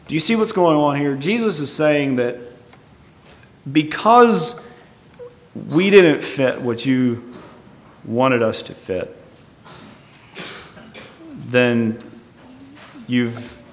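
A male preacher works through scripture verse by verse, thinking aloud and sometimes admitting uncertainty. His voice sits at an ordinary middle pitch. A long reverb trails each phrase, as in a large hall. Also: expressive, extremely slow, pauses often. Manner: thoughtful, tentative, explaining verse by verse. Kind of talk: Bible teaching sermon.

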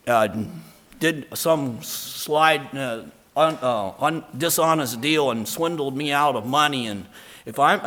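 A man preaching an emphatic sermon and telling a personal story, moving between soft earnest talk and loud, stressed lines. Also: on the high side. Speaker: pastor.

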